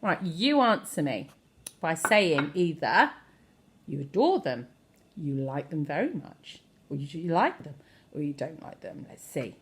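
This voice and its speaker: Lively woman teaching French phrases. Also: deep voice, a little slow. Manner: lively, expressive, playful overacting of phrases. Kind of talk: online language lesson.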